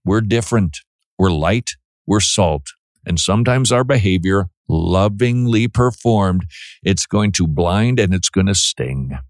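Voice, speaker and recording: A man's voice: low voice, expressive, a little slow, dry recording, studio quality. A man hosting a call-in radio show, talking bluntly and emphatically, often restarting and repeating words. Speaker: radio host.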